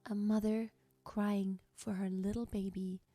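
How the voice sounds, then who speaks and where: A woman teaching a singing lesson, speaking with enthusiasm and encouragement and now and then dropping to a breathy tone to show voice colors. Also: medium pitch, level tone, a little slow, dark tone, no room sound. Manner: enthusiastic, encouraging, shifts between strong and breathy tones. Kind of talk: vocal lesson with sung demonstrations.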